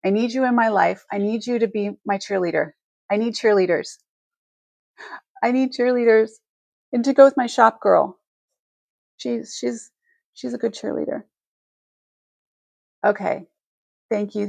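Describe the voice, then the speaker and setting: A woman's voice: mid-range voice, moderate pace, creaky, long pauses, a little mellow, dry recording. A woman hosting a live selling stream, talking to her viewers in a heartfelt, rambling way with many restarts, emotional and close to tears.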